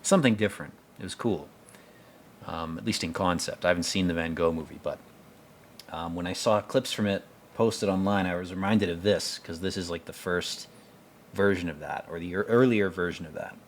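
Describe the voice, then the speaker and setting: A man with a fairly low voice talking through a film in loose, off-the-cuff commentary. He rambles, restarts his sentences, and swears bluntly as he goes. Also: normal speed, slight background noise. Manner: rambling, blunt and profane, with many fillers. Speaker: podcast host. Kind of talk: casual movie commentary.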